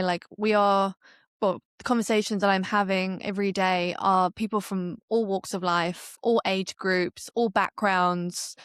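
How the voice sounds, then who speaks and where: Woman co-host chatting, mid pitch, agreeable and attentive, dry sound. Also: fairly bright tone, smooth, no room sound. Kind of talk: casual chat.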